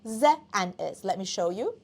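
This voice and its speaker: A woman's voice: medium pitch, lively intonation, normal speed. A woman whose first language is Persian, teaching an online English test class, coaxing students and often checking in with "okay?".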